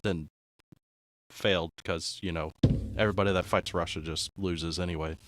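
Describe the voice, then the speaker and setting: Deep-voiced man in laid-back chat. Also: fairly even intonation, normal speed, noisy background. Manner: low-key, trailing off into quiet asides. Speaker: streamer. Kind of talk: casual chat.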